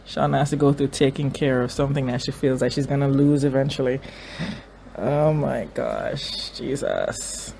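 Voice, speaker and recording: Give me a speaker doing casual commentary while watching a TV episode, excitable and quick to repeat words like "okay, okay" as the scenes unfold. The voice sits at a middling pitch, and a faint hum runs underneath. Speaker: TV reaction host.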